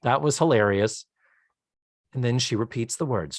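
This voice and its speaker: A man co-hosting a podcast, casually retelling a TV episode in an animated way and laughing often. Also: medium pitch, moderate pace, dry recording, studio quality. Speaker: podcast co-host. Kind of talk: casual chat, recapping a TV episode.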